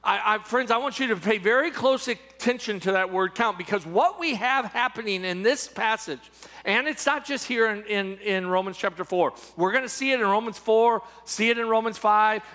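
Man preacher, high bright voice, emphatic and repetitive, heard in a long echoey hall. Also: moderate pace. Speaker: pastor. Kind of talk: sermon.

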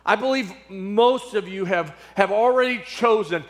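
A middle-aged pastor delivers a sermon from the pulpit in a high, ringing voice. He repeats key phrases, leans into dramatic pauses, and lets his volume rise and fall to drive each point home.

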